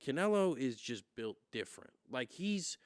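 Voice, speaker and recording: A young man hosting a podcast and telling sports stories in casual, profane chat with loud acted-out quotes. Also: medium pitch, big pitch swings, moderate pace, no echo, studio quality. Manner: profane storyteller who acts out quotes loudly. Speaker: podcast host.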